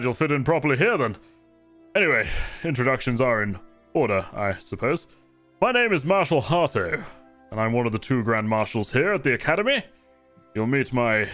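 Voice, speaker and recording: A man's voice: mid-range voice, big pitch swings, moderate pace, a bit bright, soft background music. A man playing a cheerful, boastful male marshal in shining plate armor, with a jovial, theatrical, teasing way of talking.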